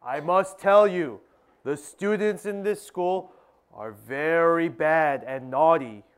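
A man playing a brisk, wary male school principal who gives warnings. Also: on the high side, clean tone.

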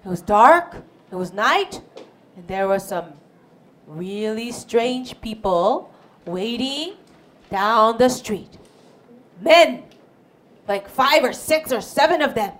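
A woman's voice: on the high side, slow pace, long pauses. A woman telling a Bible story to a group of children, asking them questions and acting out the characters. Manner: expressive, asks children questions, acts out voices.

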